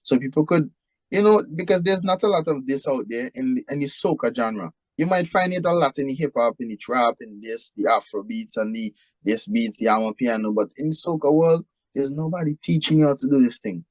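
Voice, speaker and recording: A man's voice: medium pitch, a little fast, dry recording, rough recording. A man from St. Vincent and the Grenadines with a Vincentian accent, chatting casually as an interview guest and often saying "you know". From St. Vincent and the Grenadines (Union Island). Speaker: guest, music producer.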